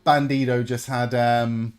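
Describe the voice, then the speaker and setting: A young man hosting a live wrestling watch-along stream, reacting excitedly, swearing freely and chatting with viewers. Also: medium pitch, unhurried, smooth, faint music behind. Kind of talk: live reaction commentary and chat.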